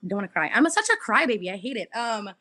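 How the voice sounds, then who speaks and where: A woman guest on an interview, telling her story in an animated way and acting out what she and others said. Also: medium pitch, rapid-fire, no echo. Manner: animated storyteller who acts out what people said. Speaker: reality show contestant guest. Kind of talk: casual interview chat.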